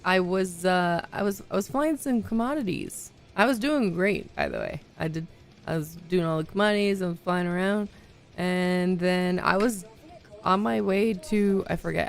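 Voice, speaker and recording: A woman hosting a live stream in casual chat, talking to her viewers and laughing often, her voice still a little hoarse. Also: on the low side. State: slightly hoarse, voice recovering. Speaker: livestream host.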